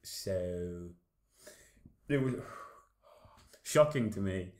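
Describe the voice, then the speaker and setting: A man's voice: deep voice, moderate pace. A man giving a casual, earnest take in a film discussion, hedging and correcting himself as he goes. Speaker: podcast co-host. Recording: echoey room with faint hiss.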